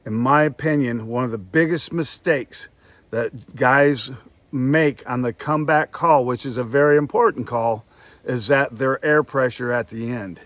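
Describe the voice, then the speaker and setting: A man giving a hands-on lesson on goose calling, speaking plainly and pausing to demonstrate calls. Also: mid-range voice, fairly bright tone, no echo. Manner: plain-spoken, demonstrates calls between explanations. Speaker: goose call instructor.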